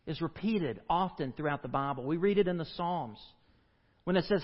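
A man pastor preaching a sermon in a church, dramatic, with sharp rises and falls in pitch and volume. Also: expressive, moderate pace. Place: church sanctuary. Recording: dull lo-fi audio with long church reverb.

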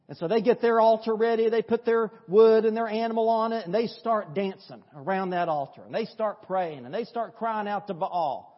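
High-voiced pastor preaching in a church. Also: male voice, normal speed, hardly any pauses. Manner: lively storytelling, conversational, with rhetorical questions. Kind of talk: sermon. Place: church sanctuary. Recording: dull audio with long church reverb.

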